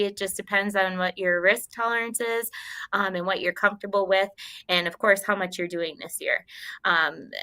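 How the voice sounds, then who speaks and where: A woman's voice: medium pitch, bright, forceful tone. A young adult woman, a guest grain marketing analyst, explaining sales strategy in a practical way with frequent ums. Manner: practical, many ums and restarts.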